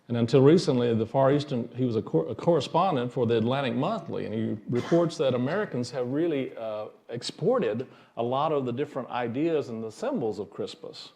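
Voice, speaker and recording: A man's voice: mid-range voice, moderate pace, vocal fry, darkish tone. A male minister giving a sermon in a folksy storytelling manner, chuckling at his own jokes.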